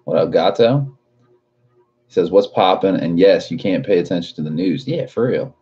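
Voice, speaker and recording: Deep-voiced laid-back young man streaming. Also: expressive, moderate pace, mellow, lo-fi sound. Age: 20s. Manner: laid-back, swears a lot, laughs often. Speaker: livestream host reading chat. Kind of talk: casual livestream chat.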